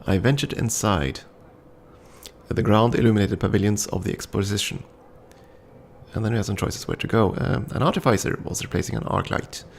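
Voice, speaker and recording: A man's voice: on the low side, vocal fry, a little hiss or hum. A man casually commenting on a story game and reading its text aloud, thinking aloud with frequent ums. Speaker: game streamer.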